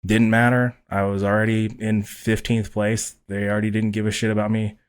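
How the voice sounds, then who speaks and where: A man guest on a podcast, telling a story casually, swearing a lot and acting out quotes loudly. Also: on the low side, little pitch movement, normal speed, smooth. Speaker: podcast guest, pro bodybuilder.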